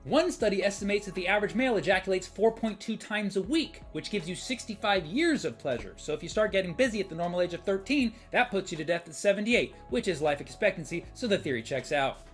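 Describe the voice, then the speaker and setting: A man performing stand-up, delivering statistics deadpan before punchlines. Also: high-pitched, quick pace, hardly any pauses, faint music behind. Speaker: stand-up comedian. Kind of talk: stand-up comedy set.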